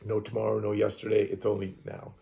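A man's voice: on the low side, monotone, fast talker, gravelly, warm tone. A man, a hypnotherapist, telling his experience in rambling first person, repeating and restarting words and acting out his own reactions.

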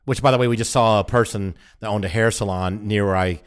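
A man's voice: lowish voice, steady tone, fast talker, clean tone. A man co-hosting a podcast in casual chat, laid-back with short agreeing replies. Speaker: podcast co-host.

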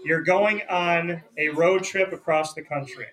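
A man's voice: on the high side, a little slow, a crowd in the background. A young man hosting a casual interview at a restaurant, joking and teasing as he tells stories. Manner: joking, teasing, animated storyteller. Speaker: radio show host.

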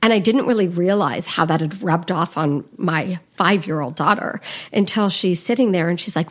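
A woman in casual podcast chat, telling a lively story and acting out her children's lines. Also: lowish voice, moderate pace. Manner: animated storyteller, acts out her kids' voices. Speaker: podcast guest, business principal.

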